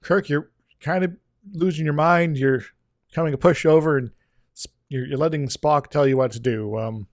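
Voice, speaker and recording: A man's voice: on the high side, normal speed, dry recording, studio quality. A man co-hosting a podcast in casual chat, joking and throwing in silly mock quotes. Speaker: podcast co-host.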